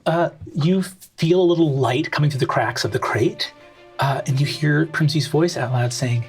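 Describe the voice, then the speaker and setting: Low-voiced woman game master. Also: a little mellow, faint music behind. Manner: halting, with many fillers. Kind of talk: narrating a tabletop game.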